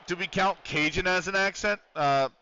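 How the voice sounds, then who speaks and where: A man's voice: high voice, bright, forceful tone. A young man from Pennsylvania, rambling and swearing through a casual gaming stream. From Pennsylvania, USA. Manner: rambling, profane, ranting. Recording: dull lo-fi stream audio with faint noise.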